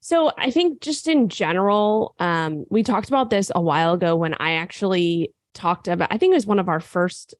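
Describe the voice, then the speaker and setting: A woman co-hosting a fitness podcast, sick and raspy, explaining at length in casual chat with frequent fillers. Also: fairly low pitch, expressive, moderate pace, few pauses, no room sound, studio quality. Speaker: podcast co-host and nutrition coach.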